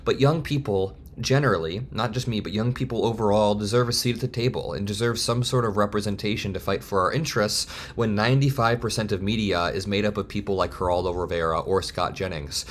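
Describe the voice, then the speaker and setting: A man in his twenties giving heated, fast political commentary straight to camera. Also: on the low side, slight background noise. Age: 20s. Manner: heated, fast, worked-up ranting.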